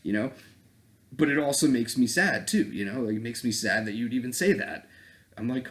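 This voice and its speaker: A man's voice: mid-range voice, moderate pace, a bit bright. A man vlogging as a dating coach in a casual, profane rant, blunt and breaking into laughing asides.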